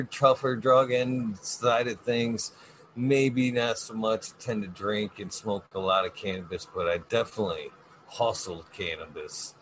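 A male host with a fairly low voice speaks in a relaxed, drawn-out way. He is friendly and easygoing, and faint background noise sits under the recording. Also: rough recording. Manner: laid-back, drawn-out, friendly. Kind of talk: casual chat.

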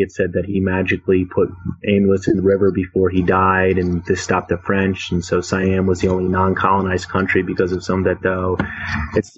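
Low husky guy rambling thru a story, lots of ums, kinda dull lo-fi sound. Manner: rambling, many fillers and restarts. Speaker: author discussing his book. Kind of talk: casual storytelling.

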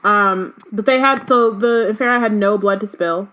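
A woman's voice: mid-range voice, moderate pace, bright, forceful tone. Chatty woman reading aloud with asides. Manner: many fillers and "like", loose slangy asides. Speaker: podcast co-host reading and discussing a book. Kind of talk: casual chat mixed with reading aloud.

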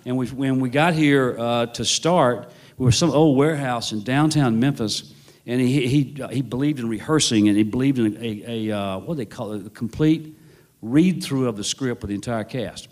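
A man's voice: mid-range voice, normal speed, a little mellow. A male novelist, telling a rambling, wry story full of restarts. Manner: rambling, self-correcting, wry. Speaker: novelist guest. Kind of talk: anecdotal storytelling.

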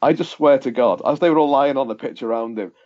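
A man of middle pitch chats about football on a podcast and tells match stories with lively, acted-out quotes. His voice comes through on a dull, lo-fi recording. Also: fast. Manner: animated storyteller, acts out quotes. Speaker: podcast co-host. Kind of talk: casual football chat.

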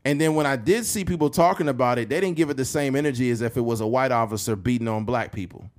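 A man co-hosting a podcast in a loose, conversational way, blunt and emphatic, his mid-pitched voice climbing when he presses a point. He reads news copy aloud in a halting way. His talk stays casual and direct. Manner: blunt, emphatic, rising to heated. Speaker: podcast co-host.

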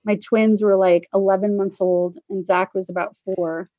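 A woman's voice: mid-range voice, normal speed, no room sound. Chatty woman telling her story, dull dry sound. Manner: animated, acts out quoted voices, laughs often. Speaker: guest sharing recovery story. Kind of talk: casual personal storytelling. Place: Denver area.

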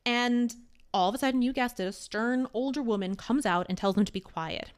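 A woman hosting a podcast, telling a history in a chatty, animated way with wry asides. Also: on the high side, a little fast, smooth. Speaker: podcast host. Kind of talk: casual storytelling chat.

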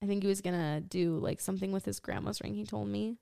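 Young woman podcaster telling her story, clear smooth voice, dry close sound, lots of "like". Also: quick pace, mellow, dry recording. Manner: storytelling, many "like" fillers, often drops her voice low. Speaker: podcast co-host. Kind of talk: casual chat.

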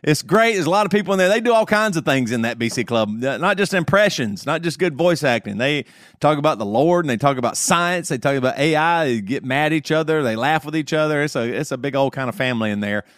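A man with a Southern US drawl chats on his podcast in a playful, joking way. His voice is a little high and swings a lot in pitch. It is recorded close and dry. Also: lively intonation, fairly bright tone, no room sound. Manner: playful, jokey, quick to do voices. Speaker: podcast host. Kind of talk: casual podcast chat.

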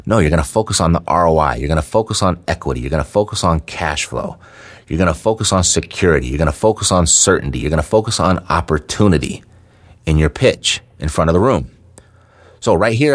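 A man explaining real estate investing in a relaxed teaching talk, often checking in with "right?". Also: sits low, a little fast. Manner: conversational, checks in with "right?" often, some fillers.

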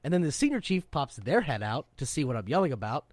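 Loud, profane male storyteller. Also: mid-range voice, sing-song, quick pace, dry recording. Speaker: podcast host, serving sailor. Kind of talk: casual storytelling chat.

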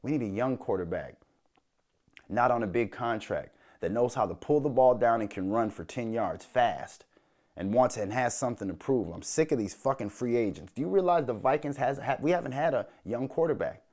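A man's voice: medium pitch, expressive, normal speed. A man from Minnesota hosting a podcast, ranting angrily with constant swearing and mocking asides. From Minnesota, USA. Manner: loud, angry, swearing, mocking quoted voices. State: angry. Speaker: podcast host. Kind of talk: profane solo podcast rant.

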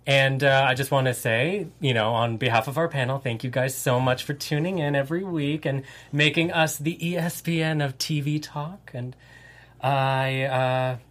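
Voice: medium pitch, moderate pace, fairly bright tone. A co-host of a TV recap show, chatting casually, thanking viewers and plugging the channel. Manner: friendly, plugs the channel and greets viewers.

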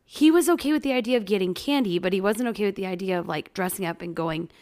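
Casual woman co-host, mid pitch, profane and animated storyteller. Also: fast. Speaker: podcast co-host and mother. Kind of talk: casual chat.

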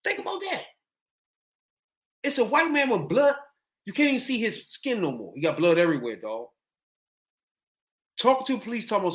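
Animated storytelling man, lively pitch. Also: brisk, pauses often. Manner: animated, profane, slangy, acts out quotes. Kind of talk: casual chat, storytelling.

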